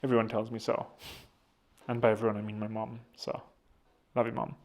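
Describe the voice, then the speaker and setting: A man's voice: on the low side, completely flat delivery, brisk, a little mellow. A young South African man giving casual political commentary, rambling and poking fun at himself. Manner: rambling, self-deprecating joking. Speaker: vlogger.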